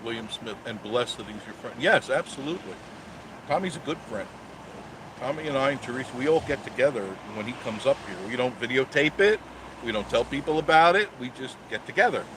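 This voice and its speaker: A man's voice: mid-range voice, expressive, a little fast, noisy background. A man in his sixties hosting a live stream, chatting casually and joking sarcastically as he reads viewer comments. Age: 60s.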